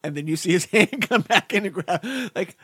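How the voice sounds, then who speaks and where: A man with a slightly high voice chats loosely on a podcast, full of sarcasm and restarts. The sound is dry and close, with no room echo. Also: animated, moderate pace, a bit bright, husky. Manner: rambling, sarcastic, trails off and restarts. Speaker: podcast co-host. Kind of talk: casual chat.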